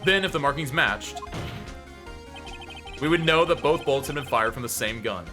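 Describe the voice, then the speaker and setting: A man's voice: medium pitch, lively intonation, normal speed, pushed and bright, faint music behind. A man reading as an earnest young defense lawyer.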